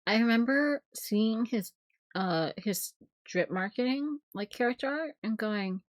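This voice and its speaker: A woman streamer reacting casually on a live stream, expressive and swearing, often laughing. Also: a little high, a little slow, no room sound, studio quality.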